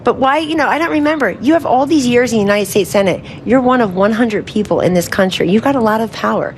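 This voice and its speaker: A woman's voice: on the high side, fast, a little hiss or hum. A woman speaking as a political campaign spokesperson in a combative live TV interview. She is insistent and keeps talking over the interviewer.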